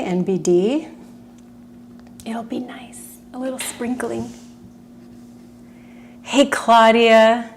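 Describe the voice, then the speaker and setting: Slow, chatty woman instructor. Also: medium pitch, a little mellow, a little hiss or hum. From California. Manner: chatty, giggly, greets viewers by name. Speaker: movement class instructor. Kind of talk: casual chat with livestream viewers.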